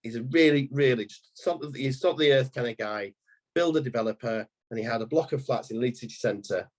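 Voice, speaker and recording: In a podcast interview, a man in his thirties who owns an estate agency tells a long, rambling anecdote, often restarting. His voice is medium-pitched and a little fast.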